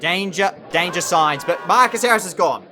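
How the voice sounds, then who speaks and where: A young man giving excitable, animated play-by-play commentary over a cricket management game. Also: high voice, normal speed, a crowd in the background, noisy background. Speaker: gaming channel host.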